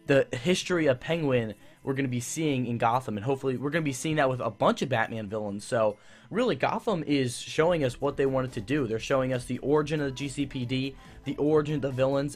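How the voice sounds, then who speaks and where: A young man giving a casual, enthusiastic TV review that rambles, with many fillers and restarts. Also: mid-range voice. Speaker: YouTube TV reviewer.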